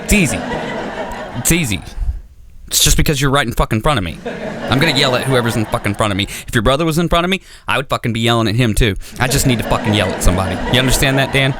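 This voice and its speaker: A man's voice: mid-range voice, animated, quick pace, background noise, natural voice. A man voicing his own short-tempered father, cursing and berating his son. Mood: ranting.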